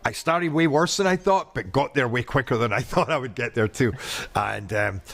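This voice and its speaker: Animated man chatting in an interview. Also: mid-range voice, normal speed, vocal fry. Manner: animated, restless, jumps into playful quoted voices. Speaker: actor being interviewed. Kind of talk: casual interview chat.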